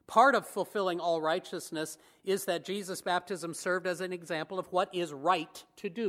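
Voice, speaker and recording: A man preaching a sermon in a conversational way, asking rhetorical questions and chuckling now and then. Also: sits high.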